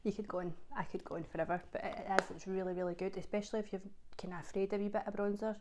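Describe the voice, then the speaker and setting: A woman's voice: mid-range voice, flat delivery, rapid-fire, slight background noise. A woman from Scotland with a Scottish accent, chatting casually to camera as a vlogger, full of fillers and repeated words for emphasis.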